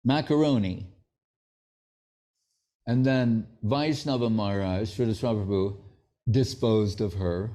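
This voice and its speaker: A man's voice: lowish voice, normal speed, warm tone. A man giving an anecdotal sermon as a spiritual teacher, telling stories and acting out the dialogue of the people in them. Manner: storytelling, acting out quoted dialogue.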